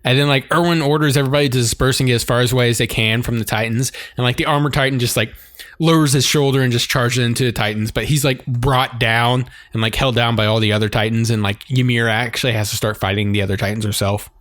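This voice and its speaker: A man's voice: medium pitch, fairly even intonation, fast talker, a bit bright, no echo. Rambling man recapping anime, dry sound. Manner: rambling, heavy use of "like", breaks into laughter. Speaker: podcast co-host. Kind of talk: casual chat recapping anime.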